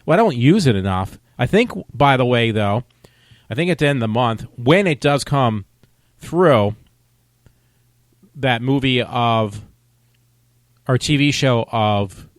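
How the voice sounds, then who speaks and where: A man's voice: medium pitch, animated, measured pace, long pauses, no echo. Rambling man with a dry voice. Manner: rambling, loose and conversational. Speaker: vlogger. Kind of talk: casual movie review.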